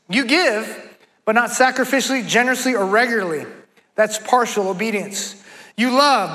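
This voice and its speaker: A man's voice: high voice, sharp tone. A man preaching to a congregation, repeating a refrain and challenging his listeners directly. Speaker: pastor. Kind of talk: sermon. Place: church before a congregation.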